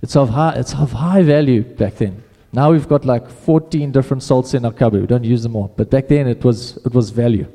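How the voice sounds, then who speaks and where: Male pastor, relaxed and chatty delivery, mellow tone, church hall echo. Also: medium pitch, fairly quick, gravelly, hardly any pauses. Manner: casual, conversational preaching with repeated restarts. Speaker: preacher. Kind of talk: sermon.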